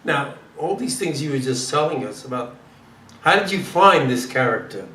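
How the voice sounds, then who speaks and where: A man's voice: mid-range voice, lively intonation, normal speed, sharp tone. Male interview host, insistent and interrupting. Distant and roomy. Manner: insistent, keeps cutting in. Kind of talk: interview questions.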